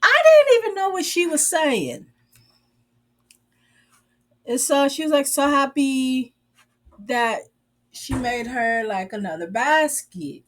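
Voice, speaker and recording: A woman's voice: high-pitched, sing-song, slow pace, long pauses. A woman giving a sassy, sarcastic recap of a show in a drawling, casual way. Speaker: reviewer.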